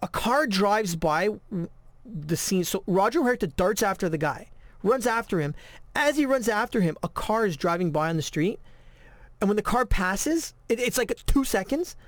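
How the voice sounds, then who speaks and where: A man co-hosting a podcast, telling animated stories in casual chat, with many repeated starts. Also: high voice, no room sound. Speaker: podcast co-host.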